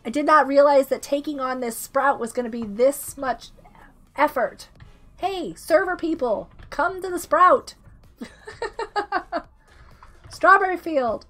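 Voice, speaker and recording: A woman with a very high voice chats through a live game stream, bubbly and quick to giggle. She is sick and a little coughy, and faint background music plays under her. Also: a bit bright. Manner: bubbly, giggly, reads chat aloud. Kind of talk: casual live-stream chat.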